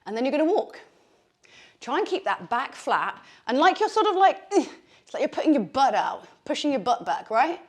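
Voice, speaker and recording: A woman's voice: sits high, sing-song, fairly quick. A woman leading a bodyweight workout, chatty and encouraging, out of breath as she exercises. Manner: chatty, encouraging, with fillers like "like" and "okay". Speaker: fitness instructor. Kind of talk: workout instruction.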